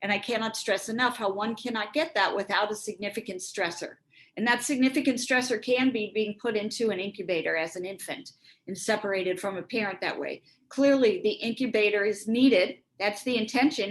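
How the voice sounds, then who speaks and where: A woman's voice: medium pitch, a little fast, low-quality recording. A woman giving an earnest, reflective workshop talk, acting out bits of dialogue as she explains, speaking over a video call. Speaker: speaker on resilience and relationships.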